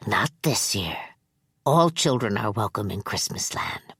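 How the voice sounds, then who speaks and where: A woman voicing a sinister old man who lures children, speaking slowly in a low hushed half-whisper in an audiobook reading. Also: lively intonation, husky, no room sound, full character voice. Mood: coaxing. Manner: slow, solemn, coaxing. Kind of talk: audiobook character voice.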